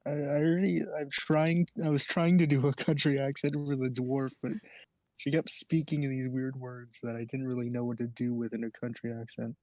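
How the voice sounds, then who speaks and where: A man's voice: medium pitch, flat delivery, brisk, a little mellow, no echo. Hesitant man chatting over a game. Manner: hesitant, searching for ideas. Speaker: game player. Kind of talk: casual chat while voicing a game.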